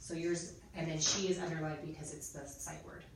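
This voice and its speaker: A woman's voice: low voice, little pitch movement, a little fast. A woman in her thirties training teachers, chatty and explaining step by step as she models spelling drills. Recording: echoey room, mic far off, noisy.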